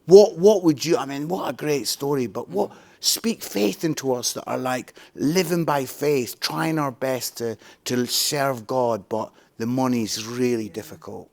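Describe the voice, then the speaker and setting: A man interviewing guests on a conference stage, responding with quick encouraging affirmations. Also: mid-range voice, creaky, darkish tone.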